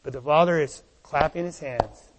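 A man preaching a sermon as pastor, animated, with rhetorical questions to the congregation. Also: a little high, moderate pace, long reverb tail, background noise.

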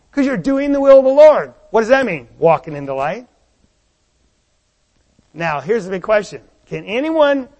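A man with a high voice delivers a sermon. He preaches in an animated way and keeps asking the congregation rhetorical questions. His voice rings with the long reverb of a hall. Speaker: pastor.

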